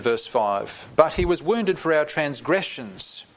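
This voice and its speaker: A man teaching a Bible study, reading scripture slowly and with emphasis, then explaining it in a loose, conversational way. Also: on the high side, very animated.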